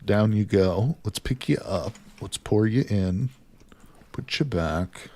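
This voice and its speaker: A man's voice: fairly low pitch, animated, slow pace, darkish tone. A man chatting casually with his viewers while he plays a game. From United States. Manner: chatty, talks to viewers as "people". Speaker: streamer. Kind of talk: casual gameplay commentary with chat.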